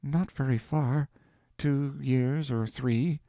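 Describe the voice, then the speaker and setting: A man's voice: medium pitch, slow pace, dry recording, pitched above the performer's own voice. A man voicing a prim, thrifty wife. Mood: calm. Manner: gentle, reproving, calculating.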